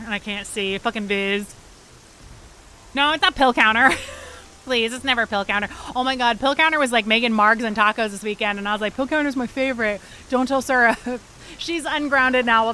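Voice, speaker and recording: Chatty gamer girl on stream, high bright voice, curses a lot, faint hiss behind her. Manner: chatty, swears freely, quick reactions to the game. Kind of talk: casual gameplay livestream chat.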